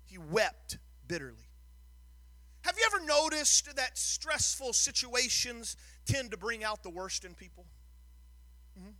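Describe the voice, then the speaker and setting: A man's voice: very high voice, sing-song, measured pace, sharp tone, no echo. A man preaching a sermon, telling the story with drama and rising to a sing-song, emphatic delivery, often repeating words as he builds. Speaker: pastor.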